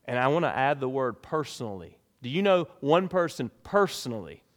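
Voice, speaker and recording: A man preaching a sermon as pastor, with emphatic delivery that rises and drops sharply in pitch and volume. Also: big pitch swings, normal speed, long reverb tail.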